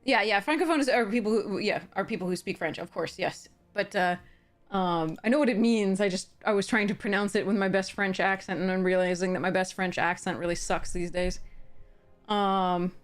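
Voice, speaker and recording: A woman's voice: mid-range voice, moderate pace, soft background music. A woman in a casual live stream, thinking aloud about card picks and chatting with viewers, a little tired. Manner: chatty, thinks aloud, greets chat warmly. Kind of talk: casual live-stream chat while drafting cards.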